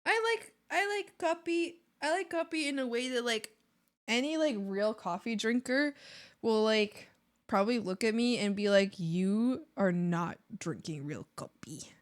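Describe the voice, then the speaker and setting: A woman's voice: fairly high pitch, moderate pace. A woman streamer chatting casually while drawing, reading chat and often laughing and joking. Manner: bubbly, laughs a lot, swears playfully. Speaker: art streamer.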